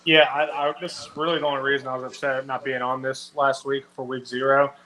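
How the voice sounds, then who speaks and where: A man with a bright, forceful voice gives blunt, opinionated sports takes on a casual podcast. He talks at an everyday middle pitch for a man. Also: little pitch movement, fast talker, poor audio. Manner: blunt, opinionated trash talk. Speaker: podcast co-host.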